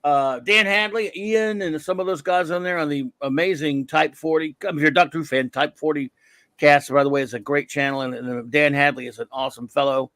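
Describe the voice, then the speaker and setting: A man's voice: fairly high pitch, steady tone, a little fast, fairly bright tone, no room sound. A man hosting a show, talking casually as a fan, rambling with many restarts and fillers. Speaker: show host. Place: home room at night.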